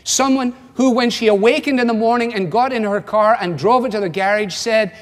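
A pastor in his seventies with a Scottish accent preaches a sermon in a wry, conversational manner, acting out the quotes he uses. His high-pitched voice moves a little fast with few pauses. A long hall reverb surrounds the recording.

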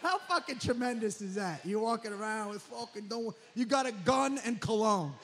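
A man's voice: sits high, lively intonation, creaky, noisy background. A man from New doing a profane, rambling stand-up comedy set on a club stage. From New Jersey. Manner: profane, rambling, rapid riffing.

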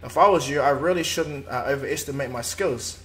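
A man's voice: medium pitch, a little fast, a bit bright, lightly acted. A man voicing a confident young male ninja in a fan-told anime story. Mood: cold.

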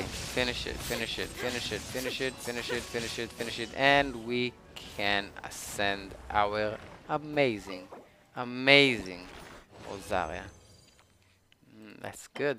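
A man with a non-native English accent streaming a game live, ranting and swearing excitedly as he plays. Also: medium pitch. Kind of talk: live gameplay commentary.

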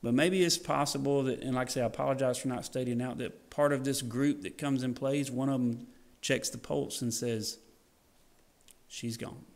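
A man preaching a sermon in a church, animated and folksy, acting out scenes and joking with the congregation. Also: medium pitch, normal speed, creaky. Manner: animated, acts out scenes in varied voices. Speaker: pastor. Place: church sanctuary.

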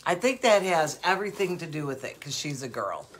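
An older woman with a low, slightly rough voice hosts a live jewelry sale show, speaking a little fast. She chats casually and rambles through stories with frequent laughs, animated and full of fillers.

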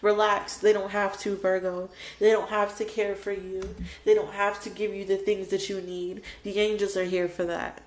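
A woman's voice: mid-range voice, flat delivery, normal speed. Emotional woman giving a tarot reading. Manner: emotional and dramatic, repeating phrases. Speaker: tarot reader. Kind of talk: spoken tarot card reading. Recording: roomy echo with faint background noise.

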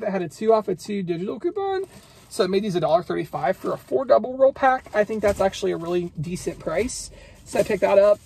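Chatty high-voiced American man vlogging. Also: vocal fry, a little hiss or hum. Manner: chatty, enthusiastic about deals. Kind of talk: casual chat. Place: car and store.

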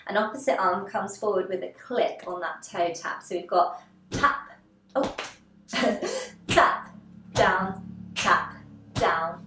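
Slow, gentle woman leading a movement class. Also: mid-range voice, noisy background. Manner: gentle, encouraging, gives step-by-step cues. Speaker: dance and movement instructor. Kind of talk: guided seated movement class. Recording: roomy, echoey room.

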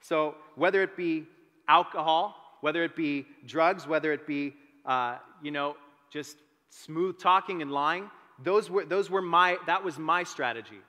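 A young man telling his own story as a sermon, animated and self-deprecating. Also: a little high, a little slow. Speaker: teaching pastor. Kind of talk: testimony sermon. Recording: long reverb of a large hall.

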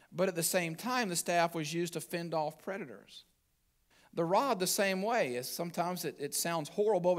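A man preaching a sermon as pastor, quoting scripture and swinging from soft, low passages to loud, emphatic ones. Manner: scripture quoted aloud and picked apart.

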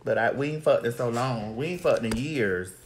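A woman's voice: very deep voice, lively intonation, normal speed, slight background noise. A woman hosting a casual chat, telling brash, profane, rambling stories. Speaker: host. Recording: roomy echo.

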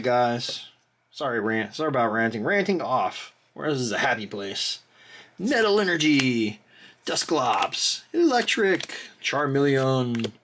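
A host excitedly opening trading card packs on camera, chatting casually, often exclaiming and apologizing, and drifting into rambling asides. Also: medium pitch, slight background noise. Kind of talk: casual pack-opening commentary.

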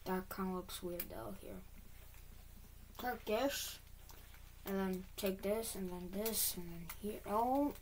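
A woman talking to herself as she plays a building game, quickly frustrated and humming as she works. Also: medium pitch, darkish tone, a little hiss or hum. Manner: talks to herself, quickly frustrated, hums while working. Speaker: gaming video creator. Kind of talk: self-talk while playing a game.

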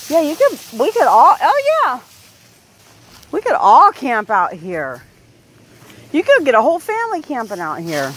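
Chatty older woman with a lively, high voice. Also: normal speed, a little hiss or hum. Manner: chatty, laughs often, calls out to her dog. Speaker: vlog host, dog owner. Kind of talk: casual outdoor vlog chat. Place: outdoors by a creek in the woods.

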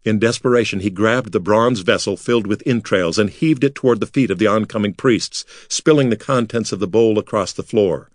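Guy reading an audiobook, lowish voice, dry close sound, steady telling. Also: brisk, few pauses, dry recording. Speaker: audiobook narrator. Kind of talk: scripted narration.

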